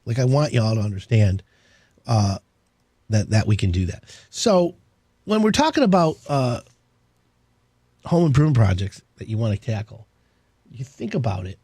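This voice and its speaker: A man's voice: medium pitch, sing-song, moderate pace, pauses often, dark tone, husky, no echo. A man hosting a home improvement radio show, rambling in enthusiastic salesman patter. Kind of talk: casual on-air talk.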